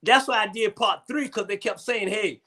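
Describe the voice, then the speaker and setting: A man's voice: sits high, normal speed, bright, forceful tone. A man hosting a casual comedic chat show, rambling and repeating himself. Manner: rambling, repeats himself, Southern Black vernacular. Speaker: host.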